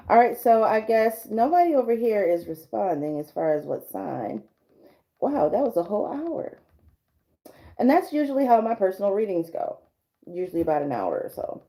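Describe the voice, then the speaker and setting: A woman's voice: mid-range voice, lively intonation, measured pace, long pauses, warm tone, low-quality recording. A woman giving a casual livestream tarot reading, rambling through restarts and fillers and laughing often. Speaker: tarot reader.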